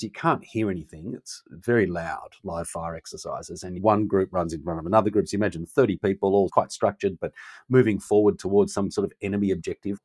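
A man's voice: sits low, dry recording. A middle-aged man, a leadership consultant telling stories conversationally and acting out quoted dialogue with animation. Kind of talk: conversational storytelling.

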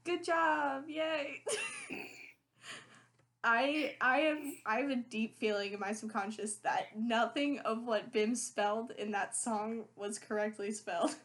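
A woman's voice: a little high, steady tone, unhurried, fairly bright tone. Giggly woman with a Maryland accent. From Maryland, USA. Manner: teasing, giggly. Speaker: podcast co-host running the spelling bee. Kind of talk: casual podcast chat.

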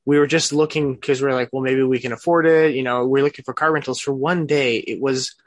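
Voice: mid-range voice, fairly even intonation, fairly quick, no echo. A podcast co-host telling a story in easygoing, chatty conversation. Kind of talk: casual chat.

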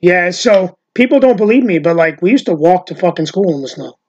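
A man's voice: high voice, lively intonation, fairly quick, darkish tone, breathy edge, dull audio. A man in his fifties from New York hosting a casual podcast chat, rambling and swearing freely. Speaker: podcast host. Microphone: video call.

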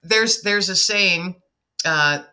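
A woman guest chatting on a podcast, her voice strikingly bright and edged. She is a lively storyteller who acts out every exchange she recounts. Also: fairly low pitch, slow pace, smooth. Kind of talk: casual conversation.

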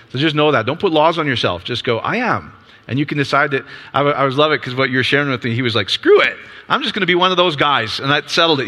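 Male ministry leader, 50s, casual upbeat sermon delivery, bright tone, long hall reverb. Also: medium pitch. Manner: conversational, upbeat, asks rhetorical questions.

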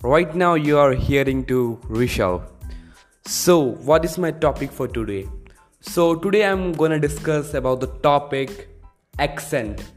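A man's voice: on the high side, expressive, unhurried, faint music behind. Earnest man hosting a solo podcast. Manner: earnest, repetitive explaining. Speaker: podcast host.

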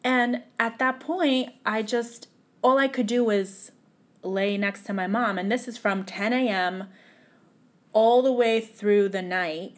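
A young woman, a podcast guest, telling a painful personal story in a tearful, halting way that sometimes drops to a whisper. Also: fairly high pitch, fairly even intonation.

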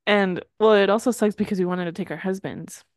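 A woman's voice: medium pitch, steady tone, fairly quick, no echo, studio quality. A woman co-hosting a podcast in casual chat, talking with lots of "like" and laughing often. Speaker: podcast co-host.

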